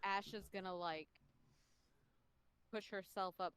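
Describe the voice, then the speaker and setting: Woman player, mid pitch, lively action description. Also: slow pace, smooth, low-quality recording.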